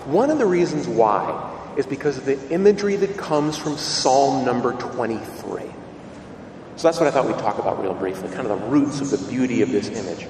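A priest gives his homily, telling stories with a lively voice that leaps up and down. He stands back from the mic, and a long hall reverb trails his words. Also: slight background noise. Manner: storytelling, rising to high excited tones for quoted voices. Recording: roomy hall reverb, voice from a distance.

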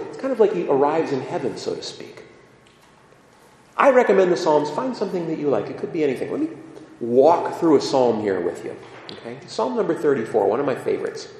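Animated preacher man in an echoing hall. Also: fairly high pitch, a little hiss or hum. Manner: animated, asks the listeners questions. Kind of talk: sermon. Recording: echoey hall reverb.

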